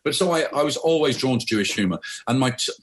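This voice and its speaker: A middle-aged man from Birmingham, a guest author speaking in an animated, conversational interview. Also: mid-range voice, fast talker, breathy edge. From Birmingham, England. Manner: animated storyteller, repeats words.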